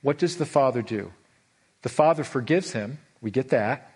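A middle-aged man preaching a sermon as pastor, animated, with his voice leaping high for emphasis and slowing right down on key words. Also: husky. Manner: animated, voice leaps high for emphasis, drawn-out slow stresses.

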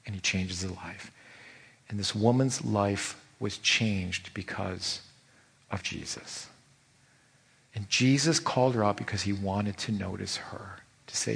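A man preaching a sermon as pastor, telling a story with lively, animated delivery and repeating phrases for emphasis. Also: unhurried, creaky, husky. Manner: animated storytelling, rising high when excited. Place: church sanctuary. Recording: long church reverb with soft music behind.

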